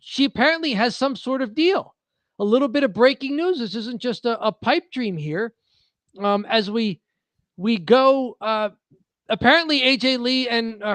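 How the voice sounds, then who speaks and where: A man's voice: very high voice, no echo. A man co-hosting a wrestling podcast, reading news in a chatty, joking way with frequent restarts. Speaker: podcast co-host. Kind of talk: casual wrestling news chat.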